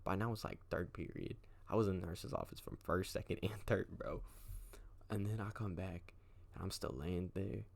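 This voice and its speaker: Deep gravelly young man telling a story. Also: normal speed. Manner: slangy, profane, rambling. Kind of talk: casual storytime.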